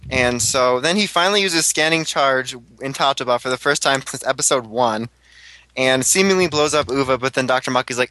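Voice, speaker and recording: A man in casual chat, recapping a TV episode in a rambling, excitable way and swearing now and then. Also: mid-range voice, fairly quick, low-quality recording. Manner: rambling, excitable, swears and laughs while retelling scenes.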